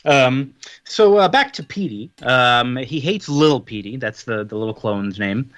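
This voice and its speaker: A man co-hosting a podcast in casual chat, summarizing a story with quick acted-out quotes. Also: mid-range voice, expressive, a bit bright, no room sound. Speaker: podcast co-host.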